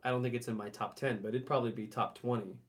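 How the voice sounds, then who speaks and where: Easygoing male podcast co-host, mid pitch, chatty and quick to laugh. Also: steady tone. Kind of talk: casual chat.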